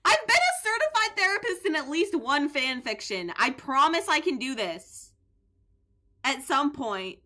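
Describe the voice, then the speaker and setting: A young woman streamer giving playful, goofy commentary on a game, animated and jokey with bursts of shouting. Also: sits high, a little slow. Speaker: gaming streamer.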